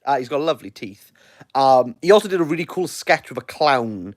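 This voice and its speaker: A man's voice: mid-range voice, animated, fairly quick, dry recording. A Welsh man reviewing books in a rambling, jokey, playfully sarcastic livestream chat into his phone. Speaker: book reviewer.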